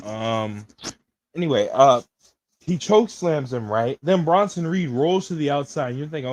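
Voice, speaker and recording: A man co-hosting a casual wrestling podcast, describing matches excitedly in loose slang. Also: on the high side, unhurried, no echo, poor audio. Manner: excitable, slangy, says bro a lot. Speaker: podcast co-host. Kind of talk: casual wrestling review chat.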